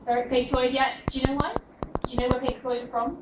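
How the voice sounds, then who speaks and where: A young woman with a British English accent gives a chatty, upbeat classroom presentation, laughing easily as she talks to her students. Her voice sits a little high. It is caught from across an echoey room, with a clear hum of background noise. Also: level tone, fast, lo-fi sound. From United Kingdom. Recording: roomy, distant, noisy room.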